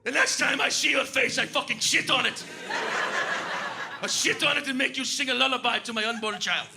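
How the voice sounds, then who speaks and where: A hulking female bouncer, as a comedian plays her, growling crude threats with flat menace. The voice stays high and gravelly. Audience noise sits under the live mic. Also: a little fast. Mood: menacing. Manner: threatening, blunt.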